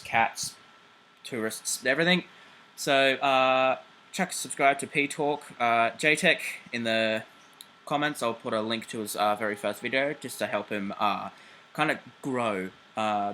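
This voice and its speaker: An Australian man hosting a casual railway vlog, excitable and chatty, swearing freely and filling pauses with "uh". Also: medium pitch, a little hiss or hum. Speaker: railway channel host.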